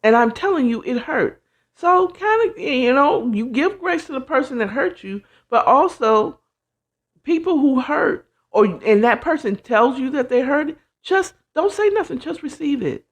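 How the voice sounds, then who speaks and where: Lively woman giving casual life advice. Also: high-pitched, a little slow. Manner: animated, swears, acts out quoted voices; says "child" and "you know what I'm saying". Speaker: host.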